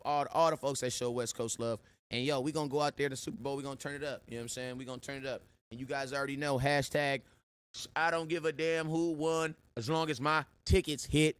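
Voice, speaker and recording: A man hosting a sports live stream, giving loud, slangy shout-outs to viewers in casual chat. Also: mid-range voice, fairly even intonation, fairly quick, clear, resonant tone, no echo. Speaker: sports show host.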